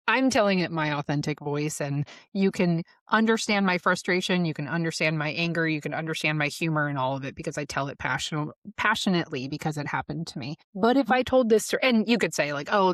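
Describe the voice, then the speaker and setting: A woman's voice: deep voice, no echo, studio quality. Blunt, laughing woman podcast host. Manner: blunt and profane, laughing often. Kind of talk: candid solo podcast monologue.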